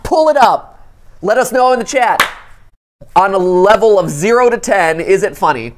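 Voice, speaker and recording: Woman co-host, playful teasing banter, very lively pitch, casual chat. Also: moderate pace, noisy background. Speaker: co-host of a live web show.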